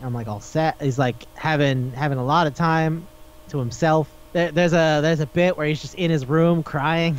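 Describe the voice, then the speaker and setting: A young man co-hosting a casual podcast, swearing a lot and acting out characters in animated voices. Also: fairly high pitch, moderate pace. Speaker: podcast co-host. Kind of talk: casual chat about anime. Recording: dull lo-fi podcast recording.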